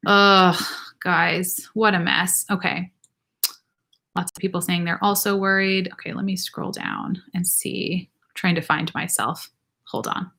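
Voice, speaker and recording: Young woman chatting on a livestream, lowish pitch, bright forceful tone, lots of ums and restarts. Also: steady tone, unhurried, creaky. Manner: chatty, rambling, many fillers and restarts; reads viewer comments aloud. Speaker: nurse practitioner host. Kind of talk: casual livestream Q&A.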